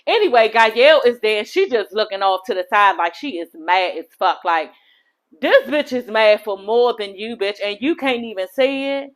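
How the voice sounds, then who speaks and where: A woman's voice: a little high, expressive, normal speed. A woman recapping a reality TV episode in a casual vlog, sassy and profane, gossiping animatedly to her viewers.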